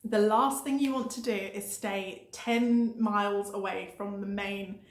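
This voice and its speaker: A woman's voice: medium pitch, fairly even intonation, measured pace. A young woman vlogger giving emphatic, motivational budget travel tips, repeating her points for stress. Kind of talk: energetic budget travel advice. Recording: echoey room.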